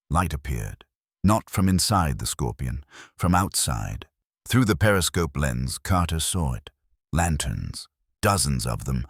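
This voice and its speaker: A man narrating a scripted horror story in a grave, measured way. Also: a bass voice, no echo, clean studio sound.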